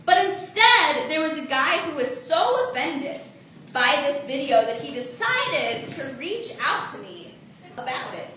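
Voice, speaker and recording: A woman's voice: high-pitched, big pitch swings, a little slow, pushed and bright, heavy reverb, far from the mic, slight background noise. A woman in her twenties doing a self-mocking stand-up comedy set. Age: 20s.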